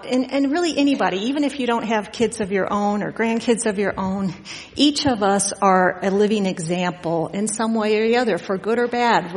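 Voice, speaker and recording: A middle-aged woman giving an informal Father's Day sermon as guest preacher, chatty and full of fillers as she tells family stories. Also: medium pitch. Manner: chatty and storytelling, frequent fillers and laughs. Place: church sanctuary. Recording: long reverb of a church hall.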